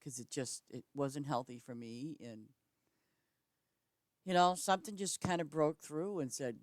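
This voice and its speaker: A woman's voice: low voice, unhurried, no echo, clean studio sound. A middle-aged woman chatting on a live stream from home, blunt and matter-of-fact, often restarting her sentences. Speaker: game streamer. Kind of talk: casual chat on a live stream.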